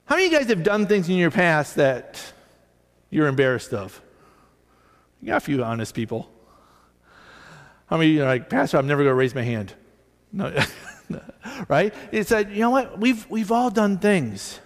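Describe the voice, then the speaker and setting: High-voiced male pastor preaching in a reverberant hall. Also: moderate pace, pauses often. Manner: animated storytelling, acting out both sides of conversations. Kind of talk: sermon with storytelling.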